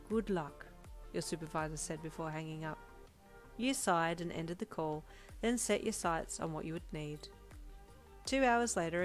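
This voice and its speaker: Calm woman narrating a fan story. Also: low-pitched. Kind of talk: fan fiction audio reading. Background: soft backing music.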